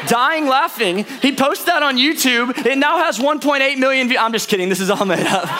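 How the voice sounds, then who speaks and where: A man's voice: high voice, a bit bright. A young man from St. Louis, a pastor preaching a sermon with chatty storytelling and playful asides to the congregation. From St. Louis, Missouri. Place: church auditorium before a congregation.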